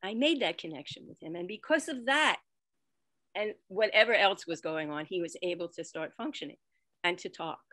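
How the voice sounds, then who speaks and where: A woman storyteller telling a personal story expressively, with dramatic swings in loudness. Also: on the low side, lively intonation, moderate pace, no room sound. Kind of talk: storytelling performance.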